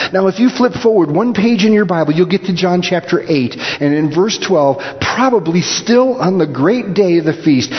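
A man delivers a sermon with a lively, rising and falling voice, sinking low and slow whenever he quotes scripture. The sound is a little dull and carries a long hall reverb. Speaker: preacher.

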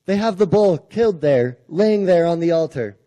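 A man's voice: fairly high pitch, animated, moderate pace, warm tone, no room sound, poor audio. Man retelling a Bible story casually. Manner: conversational, frequent restarts and repeated words.

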